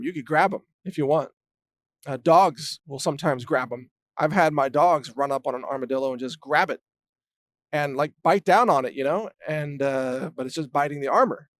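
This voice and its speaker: A man's voice: a little high, dry recording. Chuckling man telling rambling stories. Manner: rambling, chuckling often, restarts. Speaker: show host. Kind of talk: casual anecdotal storytelling.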